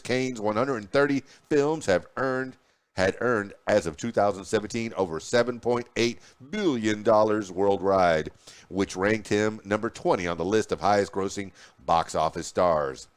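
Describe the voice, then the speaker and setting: Low-voiced man reading the news. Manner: reads aloud with small slips and restarts. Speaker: podcast host. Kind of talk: reading news headlines and history.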